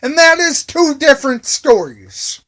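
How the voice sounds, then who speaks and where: Slow, high-voiced man ranting indignantly. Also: lively intonation, sharp tone. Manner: repetitive, indignant, repeats phrases again and again. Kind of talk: angry ranting monologue.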